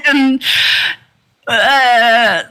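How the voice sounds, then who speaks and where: A woman's voice: fairly high pitch, extremely slow, bright, forceful tone, smooth, low-quality recording. A woman co-hosting a podcast, casually recapping a manga with lots of fillers and laughter. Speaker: podcast co-host.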